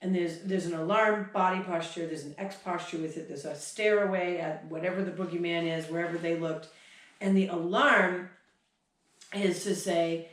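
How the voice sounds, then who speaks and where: In an echoey hall with the mic well away from her, a woman trainer at a horse clinic explains breathing signals in a chatty way, stopping to demonstrate with sighs and huffs. She has a lowish, fairly bright voice with fairly even intonation at a normal speed.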